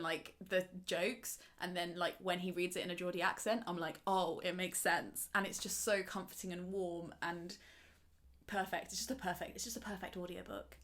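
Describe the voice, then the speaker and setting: A woman's voice: on the low side, a bit bright. A woman from the English Midlands, talking casually and enthusiastically as a book vlogger, with lots of filler words. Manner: chatty and gushing, full of "like" fillers.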